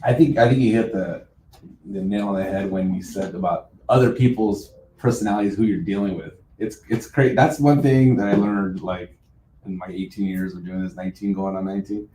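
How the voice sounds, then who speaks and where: A man on a real estate panel speaks in a low, mellow voice. He stops and starts, repeats his words, and laughs along as he talks. The room echoes around him, with a faint hiss of noise. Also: fairly quick, recorded from a distance. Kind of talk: panel talk. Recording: roomy hall with faint noise.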